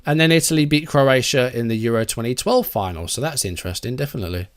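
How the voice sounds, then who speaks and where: A man's voice: mid-range voice, expressive, fast talker. Chatty man reviewing a game. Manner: chatty, musing aloud, easily surprised. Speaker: gaming YouTuber. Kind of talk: casual game commentary.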